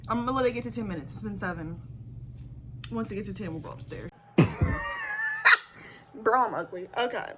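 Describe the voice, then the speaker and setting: A woman's voice: medium pitch, fast, noisy background. A woman chatting nervously to herself and her viewers in a casual home vlog. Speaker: beauty vlogger. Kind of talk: casual self-talk vlog. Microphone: camera set up nearby.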